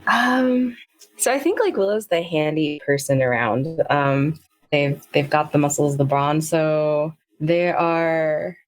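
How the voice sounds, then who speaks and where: Woman with a low voice narrating her character in a tabletop game, lots of likes and ums. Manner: halting, full of fillers. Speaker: player. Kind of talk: tabletop role-play narration.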